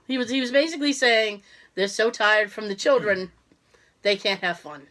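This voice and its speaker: A woman's voice: medium pitch, normal speed. A woman co-hosting a casual podcast, sick with a cough, telling a story with lots of laughs and quoted voices. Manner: animated storytelling, acting out quotes, laughing often. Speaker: podcast co-host. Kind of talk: casual chat.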